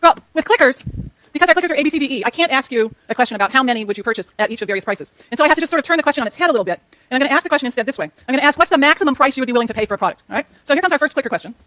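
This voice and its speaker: Fast-talking high-voiced woman lecturing. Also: expressive, fairly bright tone, no echo. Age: middle-aged. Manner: chatty, asks the class questions. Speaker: economics lecturer. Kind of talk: university lecture.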